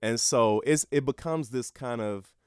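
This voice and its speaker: A man's voice: medium pitch, unhurried, heavy background noise. A man who is a father and rapper, speaking as a podcast guest in an earnest, heartfelt way and laughing easily. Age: adult, a father. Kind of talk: casual conversation.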